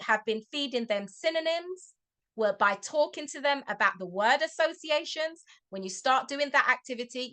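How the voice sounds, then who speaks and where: Chatty woman tutor, high voice. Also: fairly bright tone. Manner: chatty, checks in with "okay?" often. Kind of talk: webinar talk to parents.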